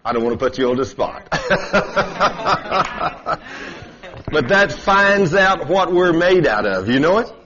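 A man preaching a sermon, telling stories in a folksy way with dramatic swings in pitch and loudness. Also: expressive, takes it slowly, muffled recording, a crowd in the background.

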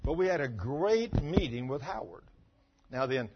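A man preaching a sermon in a church, folksy and emphatic, swinging from loud to quiet. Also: fairly high pitch, sing-song, normal speed, very noisy. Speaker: pastor. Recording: dull lo-fi sermon recording.

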